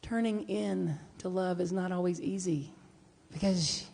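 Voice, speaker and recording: This middle-aged woman minister's voice is on the low side, gravelly and husky, and she takes her time. Her conversational sermon uses animated storytelling that alternates between hushed reflection and playful outbursts.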